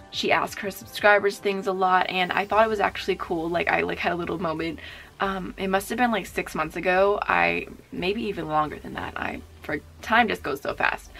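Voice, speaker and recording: A woman's voice: on the low side, fairly even intonation, brisk, vocal fry, a bit bright, soft background music. A young woman vlogging about beauty in a casual, gushing way, full of fillers. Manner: chatty and gushing, many fillers. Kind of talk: casual chat.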